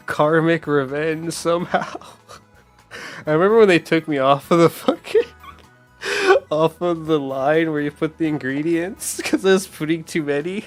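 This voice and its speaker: A man's voice: a little high, sing-song, a little slow, soft background music. A man streaming a game, ranting casually with heavy swearing and frequent laughter. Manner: profane, rambling, laughs often.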